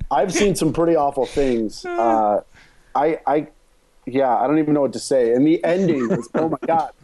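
Male podcaster, mellow tone, rambling and jokey, casual movie talk. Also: fairly high pitch, lively intonation, normal speed. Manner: rambling, self-interrupting, joking.

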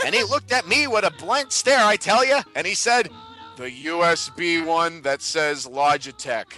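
A man putting on a fast-talking 1920s fellow, full of folksy period slang, while chatting on a podcast. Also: a little high, pushed and bright, soft background music, pitched below the performer's own voice, rough recording. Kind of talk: casual podcast banter.

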